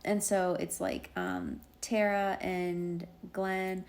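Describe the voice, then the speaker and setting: A woman co-hosting a casual podcast, her voice lowish and gravelly with fry. She recaps at length, with many fillers along the way. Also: sing-song, takes it slowly, a little mellow. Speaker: podcast co-host. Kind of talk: casual chat.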